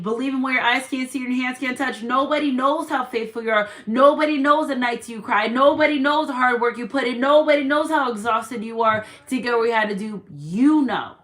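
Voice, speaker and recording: A woman's voice: on the high side, fairly bright tone. A woman doing a tarot reading for her viewers, encouraging them with repeated affirmations and quoting scripture. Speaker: tarot reader. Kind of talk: spiritual reading monologue.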